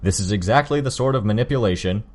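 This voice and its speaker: A man reading an audiobook, voicing a stern, gruff armored hero who speaks in low, clipped lines. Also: fast talker, darkish tone, lightly acted.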